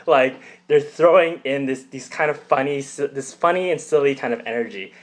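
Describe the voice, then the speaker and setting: A man's voice: mid-range voice, measured pace. Rambling man explaining with fillers. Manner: rambling, gestural storytelling with many fillers and restarts. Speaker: personality type channel host. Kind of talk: casual explanatory talk to camera.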